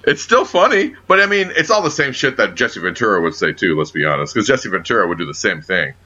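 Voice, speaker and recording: Animated, cursing man on a lo-fi podcast. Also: lowish voice, fast, slightly rough. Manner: profane, animated, ribbing his co-host. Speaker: podcast co-host. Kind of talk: casual wrestling podcast chat. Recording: dull lo-fi audio.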